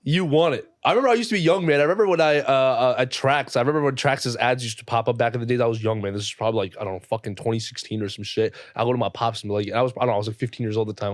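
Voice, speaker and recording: A young man in his twenties, a jeweler talking casually on a podcast in rapid, profane street slang. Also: mid-range voice, no echo, clean studio sound. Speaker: jeweler guest.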